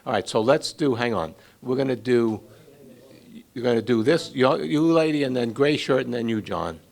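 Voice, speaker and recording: His mid-range voice is creaky with a darkish tone, delivered at a moderate pace. The middle-aged flood committee member hosts a community Q&A in a casual, conversational style, calling on residents one by one.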